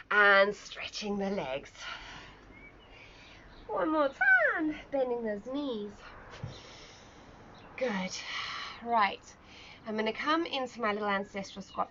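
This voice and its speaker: A woman's voice: mid-range voice, fairly bright tone. A woman teaching a live online pilates class, giving friendly, encouraging movement cues with chatty asides. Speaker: pilates instructor. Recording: slightly dull sound with faint ambient noise.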